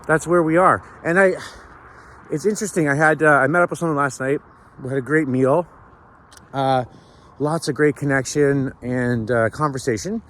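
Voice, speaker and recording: A man's voice: on the high side, moderate pace, fairly bright tone. A man talking through a casual walking vlog outdoors in the morning, reflective and rambling, with many restarts and "right?" tags. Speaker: sober vlogger. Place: outdoors on a city street at sunrise.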